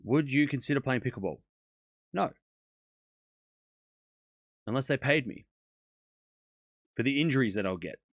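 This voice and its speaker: An Australian man hosting a live stream, chatting easily and joking as he answers his viewers. His voice sits at a middle pitch, and the recording is dry and close, with no room sound. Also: expressive, measured pace, long pauses, no echo. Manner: laid-back, joking, chatty, replies to chat aloud. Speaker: livestream tennis watchalong host. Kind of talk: casual live-stream chat reading viewer comments.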